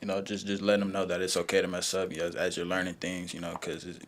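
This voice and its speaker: A young man with a low, deep voice answers press questions as a college football player. He talks in a laid-back way, leaning on "you know" and "um" as he gathers his thoughts. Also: quick pace. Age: young adult. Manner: relaxed, leans on "you know" and "um" fillers.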